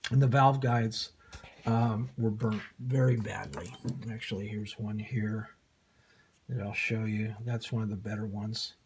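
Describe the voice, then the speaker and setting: A man's voice: on the low side, fairly even intonation, a little slow, slight background noise. An older man casually demonstrating an old motorcycle engine part he is rebuilding, in a folksy, self-deprecating way with plenty of ums and uhs. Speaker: hobby motorcycle mechanic.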